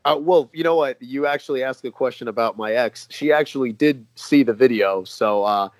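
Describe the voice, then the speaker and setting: A man's voice: mid-range voice, normal speed, no room sound. Brief: New York American man, easygoing guest, slangy and laughing, dry close sound. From New York, USA. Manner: laid-back, laughs often, slangy. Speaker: guest fan. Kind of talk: casual podcast chat.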